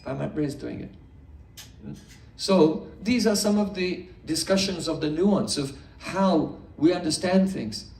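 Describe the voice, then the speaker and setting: A man giving a morning scripture class to a live audience, explaining patiently with everyday examples and gentle humor. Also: a little high, a little slow, hardly any pauses. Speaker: spiritual teacher. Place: indoor hall with a live audience. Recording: echoey room, distant mic.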